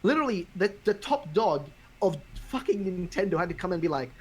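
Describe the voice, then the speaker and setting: Fast-talking, swearing male podcast host. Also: high-pitched, husky. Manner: profane, ranting, animated. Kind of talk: casual chat.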